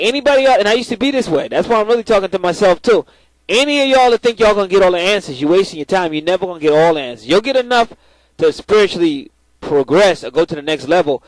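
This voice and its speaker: This is casual spiritual talk to camera: a man with a higher-pitched voice gives viewers blunt, preachy, profane advice and tends to repeat words when starting. There's no room sound, and the recording is rough.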